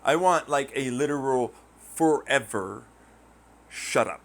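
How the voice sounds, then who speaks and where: A man's voice: lowish voice, moderate pace, fairly bright tone. A man ranting casually and profanely, rambling through a story and acting out quoted voices in mocking tones. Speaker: podcast host. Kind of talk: casual rant.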